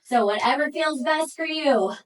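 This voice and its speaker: A woman's voice: high voice, normal speed, distant mic, rough recording. A woman leading a pilates workout, encouraging and counting reps aloud, a bit out of breath. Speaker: pilates instructor. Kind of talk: guided workout instruction.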